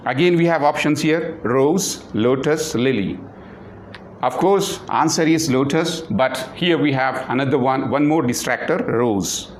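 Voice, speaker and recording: A man's voice: medium pitch, normal speed, few pauses, echoey room, a little hiss or hum. A man with an Indian English accent teaching an English lesson, explaining patiently and repeating himself with many fillers. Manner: repetitive, many fillers, spells words out. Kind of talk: slow classroom explanation.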